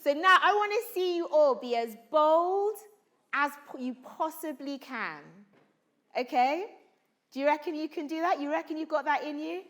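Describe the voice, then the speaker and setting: A woman's voice: high voice, moderate pace, a bit bright. A woman leading a drama workshop for students, coaxing the group with constant questions and urging them to be bold. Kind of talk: energetic acting workshop coaching. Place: school hall or conference room.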